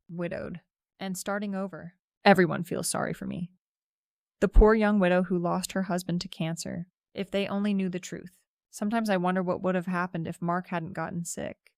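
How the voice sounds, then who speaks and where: A woman tells a scripted first-person story in a steady, reflective voice. Her tone is low-pitched with a gravelly edge, and the sound is dry and close. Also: dry recording. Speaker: narrator.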